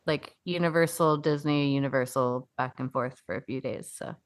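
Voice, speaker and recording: Low-voiced chatty woman on a podcast. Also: steady tone, moderate pace. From upstate New York. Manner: chatty, swears freely, many fillers. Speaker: podcast co-host. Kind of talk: casual chat.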